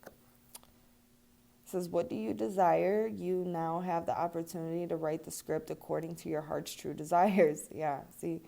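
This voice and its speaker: A woman's voice: fairly low pitch, steady tone, unhurried, vocal fry, warm tone. A young woman giving a casual tarot and angel card reading to her viewers, chatty and laughing often, swearing now and then. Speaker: tarot reader.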